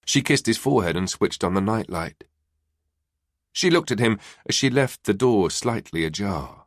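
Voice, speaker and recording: A man narrating a crime novel audiobook in a measured, expressive reading style, recorded close to the mic. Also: low voice, no echo. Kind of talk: scripted narration.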